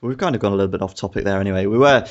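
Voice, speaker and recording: A man's voice: lowish voice, very fast. A young man from England co-hosting a podcast, chatting in a reflective, easygoing way and laughing often. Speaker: podcast co-host. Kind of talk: casual chat. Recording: muffled lo-fi audio.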